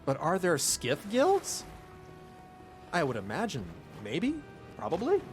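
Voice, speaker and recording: Slow-talking male streamer over game music. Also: a little high, huge pitch swings. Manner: chatty, joking, exclaims often. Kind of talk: casual live-stream commentary.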